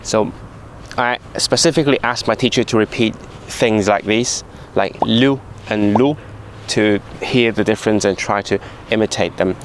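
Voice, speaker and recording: Guy vlogging outside in town, lowish voice, breaks sounds down slow and repeats them. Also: fairly even intonation, noisy background. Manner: explanatory, slowly sounding out and repeating syllables. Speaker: language-learning vlogger. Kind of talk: casual vlog commentary. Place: outdoors in a city.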